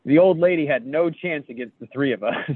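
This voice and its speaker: A man's voice: a little high, brisk, slightly rough, dry recording. Joking man on a tinny line. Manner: jokey, self-deprecating, swears freely. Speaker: podcast co-host. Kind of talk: casual chat reading memes. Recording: tinny phone-like sound.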